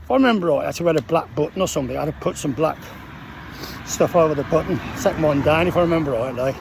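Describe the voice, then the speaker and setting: A middle-aged man tells a personal story in a halting, emotional way, often stopping to restart his sentences. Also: a little high, lively intonation, gravelly, slight background noise. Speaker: former military trainee telling his story.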